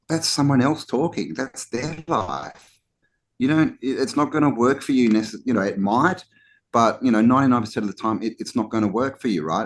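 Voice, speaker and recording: A man co-hosting a podcast, talking casually and animatedly, often restarting with "you know" and acting out mock complaints. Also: medium pitch. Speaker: podcast co-host. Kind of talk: casual conversational talk.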